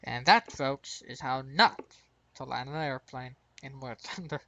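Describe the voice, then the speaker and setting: A man's voice: medium pitch, unhurried, bright, forceful tone, no echo, dull audio. An American man hosting his gaming channel, rambling through casual gameplay commentary and chuckling at his own mistakes. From United States.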